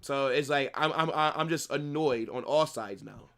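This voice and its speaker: A man's voice: medium pitch, a little slow, fairly bright tone. A young man hosting a live football watch-along, ranting at his viewers with heavy profanity and lots of repetition. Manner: profane, ranting, repeats himself.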